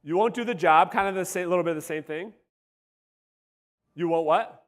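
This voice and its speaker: A man with a high, straining voice that is wearing hoarse, firing questions at a live audience with blunt, profane energy. His talk rings with the long echo of a large hall. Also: normal speed. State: voice going hoarse. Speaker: real estate sales coach. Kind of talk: live seminar talk to a room. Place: seminar room before a live audience.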